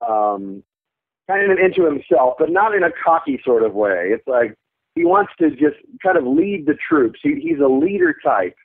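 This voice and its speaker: A man in his thirties talks through an interview in an animated, easygoing way, laughing often and popping into short character voices. His pitch swings widely from phrase to phrase. The audio is thin and tinny, like a phone line. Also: normal speed. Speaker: voice actor guest. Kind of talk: casual interview chat.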